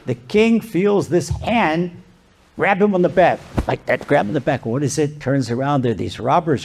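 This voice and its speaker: A rabbi preaching and spinning a parable, with an animated, conversational delivery full of restarts. His voice is gravelly and sits fairly high for a man. He speaks to a live audience. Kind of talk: sermon with parable storytelling. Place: lecture venue.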